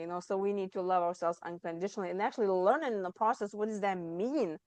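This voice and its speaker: A woman hosting a podcast interview, talking in a reflective, casual way with halting restarts. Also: medium pitch, darkish tone, clear, resonant tone, dry recording. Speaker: podcast host.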